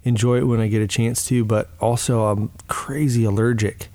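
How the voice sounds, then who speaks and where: Brief: male podcast co-host, relaxed and rambling, dry room. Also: medium pitch, moderate pace, dry recording. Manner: rambling, easygoing, laughs often. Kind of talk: casual podcast chat.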